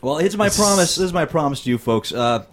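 A man hosting a casual comedy podcast, lively and stumbling over his words. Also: on the high side, fast talker. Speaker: podcast host.

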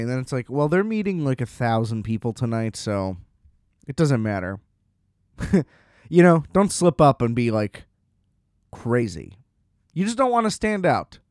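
A man's voice: medium pitch, big pitch swings, moderate pace, long pauses, a little mellow, dry recording, clean studio sound. A man casually telling a rambling, self-deprecating story, often laughing at himself.

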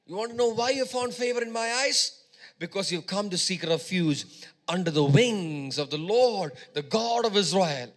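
A man preaching a sermon, repeating phrases for emphasis and swinging between loud exhortation and quieter teaching. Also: sits high.

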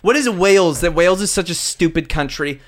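A young man in casual podcast chat, joking and swearing, breaking into loud laughs and shouts. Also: sits high, fairly quick. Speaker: podcast co-host.

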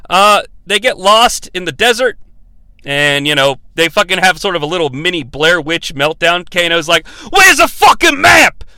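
A man recaps a film for a comedy review show, tossing in sarcastic, profane jabs as he rambles on. His voice is high and bright, and the recording is dry and close. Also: normal speed, clear, resonant tone, dry recording. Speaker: movie reviewer host.

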